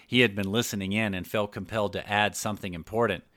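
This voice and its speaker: Low-voiced male audiobook narrator. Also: steady tone, fast talker, a bit bright, dry recording, studio quality. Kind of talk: scripted narration.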